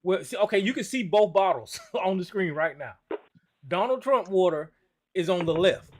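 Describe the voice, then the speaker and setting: High-pitched man hosting a call-in show. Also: lively intonation, normal speed, slight background noise. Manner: blunt, profane, stammering restarts. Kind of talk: casual call-in talk.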